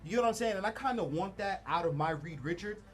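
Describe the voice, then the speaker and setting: A man's voice: high-pitched, expressive, fast talker, a bit bright, soft background music. A man co-hosting a podcast, talking in a casual, opinionated, slangy way. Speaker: podcast co-host. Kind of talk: casual pop-culture chat.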